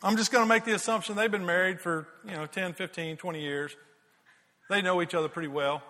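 A middle-aged man preaching a sermon, telling lively anecdotes and repeating words as he goes. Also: sits high, a little fast. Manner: lively anecdotes, repeats words, giggles at his own stories. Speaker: pastor. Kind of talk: sermon with storytelling. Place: large church worship hall. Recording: long reverb of a large hall.

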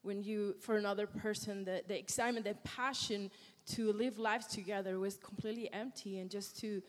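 A woman sharing a personal testimony about her marriage, earnest and pausing as she searches for words. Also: mid-range voice, steady tone. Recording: echoey hall with long reverb.

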